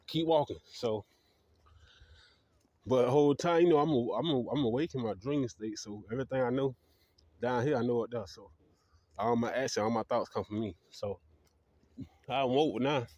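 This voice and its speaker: A man's voice: mid-range voice, normal speed, pauses often, mellow, no room sound, lo-fi sound. A man telling his dream stories in a rambling, profane monologue, laughing at his own tales. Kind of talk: casual storytelling monologue.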